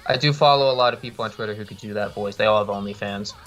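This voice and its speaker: A man's voice: on the low side, racing, a bit bright, faint music behind. A man chatting as a podcast guest, blunt and casual, swearing freely and laughing often. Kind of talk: casual chat.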